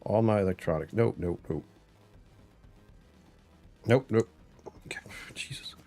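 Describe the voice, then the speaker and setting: A man's voice: on the low side, unhurried, mellow, faint music behind. A man hosting his own live stream in casual, rambling chat, chuckling often and greeting viewers by name from his home computer.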